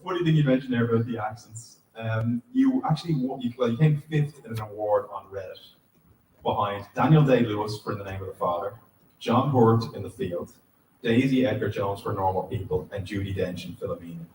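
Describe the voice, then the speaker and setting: A man moderating a live convention panel, asking quick, teasing questions. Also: fairly low pitch, a little mellow. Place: large auditorium. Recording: echoey hall, distant mic, faint noise.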